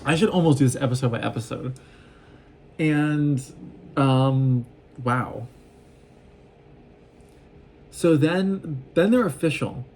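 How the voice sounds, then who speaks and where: Gushing man with a mellow voice. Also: medium pitch, takes it slowly, long pauses, slight background noise. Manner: excitable, gushing, acts out quoted lines. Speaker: vlogger recapping an anime. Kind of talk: casual rambling recap.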